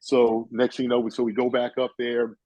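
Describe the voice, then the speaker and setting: Husky older man spinning long stories. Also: medium pitch, monotone, a little fast, mellow, dry recording, lo-fi sound. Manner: rambling, full of "you know" and "uh". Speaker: guest. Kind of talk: casual storytelling chat.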